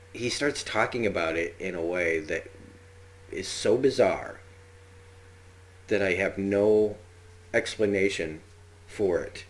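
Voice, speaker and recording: Male podcast host, deep voice, chatty rambling episode recap. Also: slight background noise. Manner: rambling, chatty, with frequent fillers and acted-out quotes. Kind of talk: casual spoken episode review.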